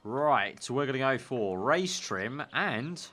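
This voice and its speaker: A young man with a Northern English accent talks through a game at an ordinary mid pitch. His chatty commentary sounds like thinking out loud and breaks into excitable bursts. He is recorded on a desk mic. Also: slow pace. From Northern England. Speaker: gaming YouTuber.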